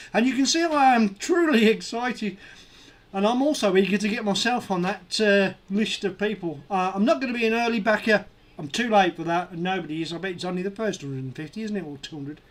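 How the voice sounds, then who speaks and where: Male streamer, high and bright, excitable live commentary. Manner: excitable, counting numbers aloud, shouting at milestones. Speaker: streamer hosting a live crowdfunding watch.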